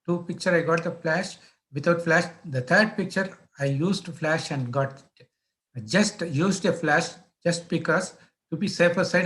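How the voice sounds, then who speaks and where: An older man with a Karnataka Indian English accent tells war stories from a career in news photography. His voice sits a little higher than most men's. He pauses and restarts often, acting out the people in his stories. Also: fairly bright tone, low-quality recording. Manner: storytelling, with frequent pauses and restarts; acts out quoted dialogue, mixing in Kannada phrases. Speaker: news photographer, guest lecturer. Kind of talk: anecdotal lecture. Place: online lecture.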